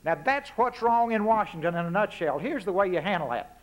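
High-voiced Texan man giving a folksy speech. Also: lively intonation, brisk. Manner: punchy, rhetorical questions, folksy asides. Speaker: guest speaker. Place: lecture forum before an audience.

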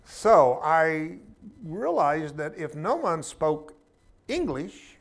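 A man's voice: fairly high pitch, very animated, very slow. A man teaching a spiritual class in an informal sermon style, talking in a conversational, emphatic way with humorous asides.

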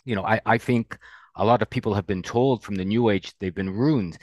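A man's voice: lowish voice, moderate pace, a little mellow, no echo. A man hosting a podcast conversation, agreeable and musing. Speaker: podcast host.

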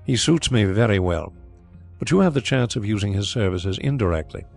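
A man voicing a calm, dryly ironic gentleman detective in an audiobook, speaking in a measured way. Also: fairly low pitch, vocal fry, faint music behind.

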